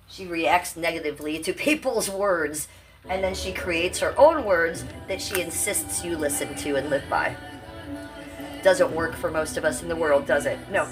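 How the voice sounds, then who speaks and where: A woman in her fifties hosting a casual livestream, brash, profane and rambling as she reads out chat comments. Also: deep voice. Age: 50s. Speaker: livestream host.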